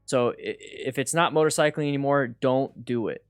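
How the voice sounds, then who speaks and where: A man's voice: medium pitch, fairly even intonation, normal speed, clear, resonant tone. A middle-aged man hosting a casual live Q&A on a headset mic at home, reading viewer questions aloud and answering with lots of repeated words and restarts. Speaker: motorcycle coach and livestream host. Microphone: headset mic with noise gate.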